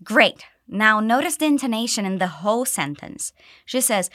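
Guiding learners through pronunciation practice, a woman English teacher models phrases with deliberate clarity for them to repeat in drills. Her pitch varies lively, rising and falling. It is a close, dry recording with no room audible.

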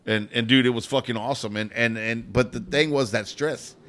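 A man's voice: medium pitch, steady tone, a little fast, fairly bright tone. A male comedian on a podcast, telling a story casually, swearing often and stumbling over repeated words. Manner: rambling, swearing, repeats words at the start of lines. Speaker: guest comedian.

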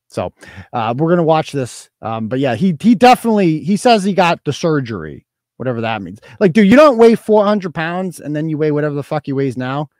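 A man's voice: a little high, darkish tone, no room sound. A man hosting a casual livestream, talking in a crude, mocking, profane way. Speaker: host.

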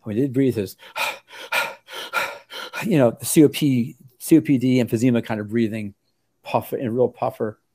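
Mellow-voiced older male doctor telling stories. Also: medium pitch, fairly quick. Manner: rambling, with many restarts and lively acted quotes. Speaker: osteopathic family physician, interview guest. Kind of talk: relaxed storytelling in an interview.

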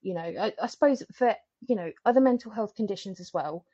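A woman speaking as a podcast guest in a candid, animated way, often laughing between phrases. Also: medium pitch, brisk, no room sound. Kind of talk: candid conversational interview. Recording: dry, slightly dull lo-fi sound.

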